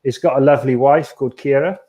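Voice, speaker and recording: Male co-host, mid pitch, sweary casual chat. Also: quick pace, mellow. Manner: swearing, cheeky. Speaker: podcast co-host. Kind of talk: casual banter.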